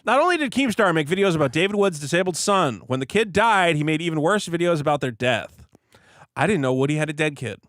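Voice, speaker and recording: A man's voice: fairly high pitch, animated, fast talker, fairly bright tone, no room sound, studio quality. A man who is sick, casually co-hosting a podcast, reading out donation messages with offhand mumbled asides.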